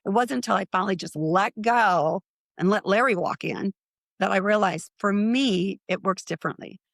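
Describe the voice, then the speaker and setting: Gravelly-voiced woman telling animated stories. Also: medium pitch, normal speed, no echo. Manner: animated anecdote-telling with acted-out quotes. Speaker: guest, psychic medium. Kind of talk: storytelling in a podcast interview.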